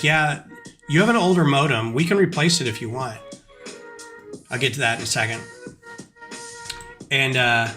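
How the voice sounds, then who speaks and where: A man with a bright, forceful, mid-pitched voice chats casually on a livestream. He rambles through stories and mutters quietly to himself while he works. Soft music plays faintly behind him. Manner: rambling, animated storytelling mixed with muttered asides. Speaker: streamer designing brick models.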